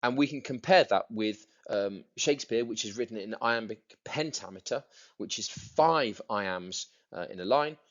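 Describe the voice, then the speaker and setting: A man's voice: on the low side, moderate pace, dull audio. A male teacher walking students through a poem, stressing words by repeating them and tapping out rhythms. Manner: explanatory, repeats words for emphasis, taps out rhythms. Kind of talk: recorded lesson for students.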